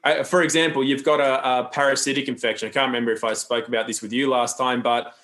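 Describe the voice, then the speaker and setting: A man's voice: medium pitch, little pitch movement, fast, a bit bright. A man talking as a podcast guest, loose and rambling, with frequent restarts and asides. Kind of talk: casual interview talk.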